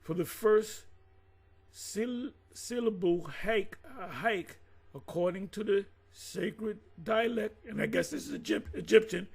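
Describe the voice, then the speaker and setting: A man hosting his own channel, giving casual unscripted commentary on Bible history. He reads sources aloud and talks in a rambling, halting way, with restarts, asides and emphatic direct address to his viewers. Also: high-pitched, creaky, husky.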